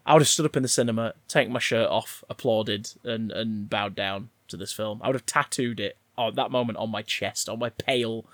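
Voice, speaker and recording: A podcast co-host with a lowish voice talks fairly quickly, barely pausing, on a recording with no echo. He's casually ranting and riffing about a film, swearing freely in an animated, rambling film review chat.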